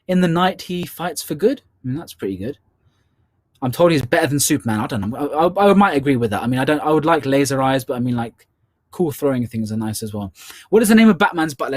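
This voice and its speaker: A man's voice: on the high side, animated, fairly quick, dry recording. Upbeat British man hosting a quiz. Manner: upbeat, with playful ad-libbed asides. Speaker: quiz host. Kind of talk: hosting a live online charity quiz.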